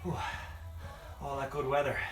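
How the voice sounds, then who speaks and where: A fitness coach with a high voice leads a home workout at a moderate pace, breathless as he counts down reps and calls out encouragement. It's live instruction, recorded from a distant mic in a roomy space with faint music in the background.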